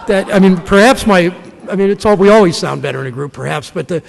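A man in his fifties from Ohio gives a speech in a large conference room. His voice is very gravelly, and a long hall reverb trails his words. He tells stories in a folksy way with halting restarts. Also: sits high, animated. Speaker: senator.

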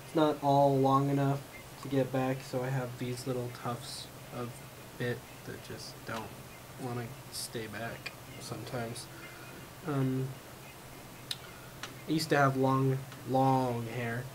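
Slow, rambling frustrated man. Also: medium pitch, level tone. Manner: frustrated, rambling, many fillers. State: losing his voice. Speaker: vlogger. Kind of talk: casual rambling vlog. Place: home room with his cat. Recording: noisy home recording.

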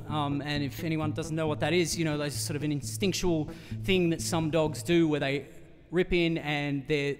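An Australian man telling a long, rambling comic story between songs at a live concert, full of fillers and restarts. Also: a little high. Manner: rambling, self-deprecating, many fillers and restarts. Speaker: singer-songwriter telling a story on stage. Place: live music venue, in front of an audience. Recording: live concert hall with reverb.

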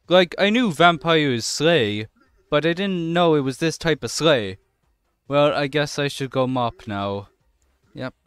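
A man's voice: mid-range voice, clear, resonant tone, no room sound. A young man giving sarcastic let's-play commentary on a horror game, swearing casually and talking back to the characters. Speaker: gamer playing a horror game.

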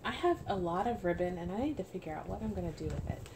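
A woman chatting casually as she unboxes a package, gushing and soft-spoken, at home. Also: fairly low pitch, quick pace. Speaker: doll collector vlogger. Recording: steady background hiss.

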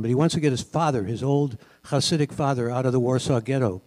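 An older man with a booming broadcaster voice, giving a genial, chatty talk as a guest speaker in a large synagogue hall, with many fillers. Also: brisk, a little mellow. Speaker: guest speaker and radio host. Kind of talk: relaxed storytelling talk at a public event. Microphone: stage microphone.

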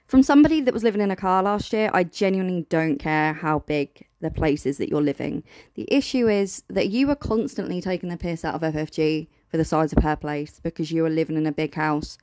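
A woman's voice: low-pitched, a little fast, darkish tone, no room sound. A British woman giving blunt, sarcastic reaction commentary as host.

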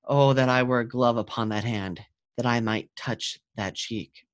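A man voicing a lovestruck young nobleman, reading the verse in an earnest, measured way in his own voice. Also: mid-range voice, close to an everyday voice. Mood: adoring.

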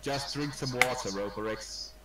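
A man's voice: mid-range voice, normal speed, a crowd in the background. A man playing in a casual voice chat, easygoing and hesitant, with many fillers. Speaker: player.

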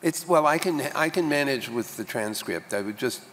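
A man with a gravelly voice speaking on a conference panel, musing wryly about his headset. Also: medium pitch, expressive, moderate pace, fairly bright tone. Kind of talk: conversational aside on a panel. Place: large conference hall. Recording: reverberant hall with faint noise.

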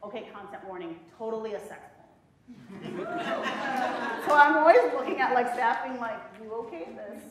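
Woman poet, high voice, rhythmic dramatic spoken word, very echoey lecture hall. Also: big pitch swings, unhurried, pauses often, a crowd in the background. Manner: rhythmic, dramatic poetic delivery with playful laughing asides to the audience. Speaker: poet performing a reading. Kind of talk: spoken word poetry performance.

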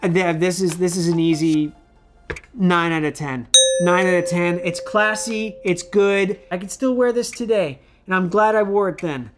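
A man's voice: high voice, moderate pace, music in the background. A man in his thirties, a former child actor, reviewing his old outfits in a playful, self-mocking casual vlog.

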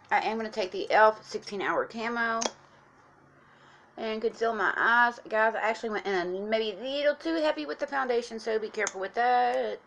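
A woman's voice: on the high side, muffled recording, a little hiss or hum. A woman chatting through a casual makeup tutorial, talking straight to her viewers and explaining each step. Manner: chatty, instructive, addresses viewers as guys. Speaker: makeup vlogger.

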